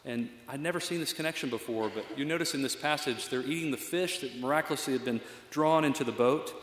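A man's voice: medium pitch, quick pace, echoey room, big-room sound, a little hiss or hum. A male pastor giving a reflective, conversational sermon with frequent fillers.

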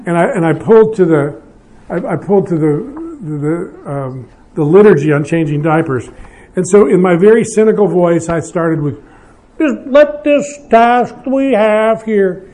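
An older man, a pastor, gives an evening talk on marriage to an audience, speaking conversationally and self-deprecatingly with frequent restarts. His voice is fairly high-pitched and expressive, at a moderate pace, with a dark tone.

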